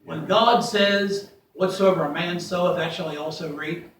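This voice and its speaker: A man preaching a sermon. He reads scripture aloud and swings from loud, rising readings to quiet asides. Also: high voice, steady tone, moderate pace, a little hiss or hum. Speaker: pastor. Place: church sanctuary. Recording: echoey church from far off.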